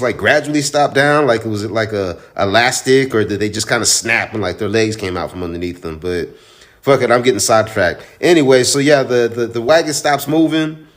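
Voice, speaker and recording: A man who owns a comic shop, casually recapping a comic book in a rambling, profane, chatty way. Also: medium pitch. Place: own store in Houston.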